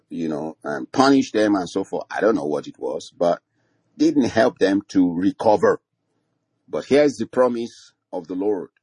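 An older man leads an informal sermon for a discussion room, his low voice husky and a little rough. He talks loosely and conversationally, then lifts his voice when he quotes scripture, chuckling now and then. The sound is dry and close, with no room echo. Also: darkish tone. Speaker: preacher leading a discussion room.

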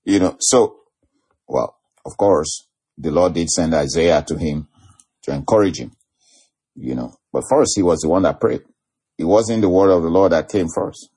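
A man's voice: deep voice, expressive, moderate pace, pauses often, dark tone, husky. A man preaching a sermon, laughing often and drawing out key phrases for emphasis.

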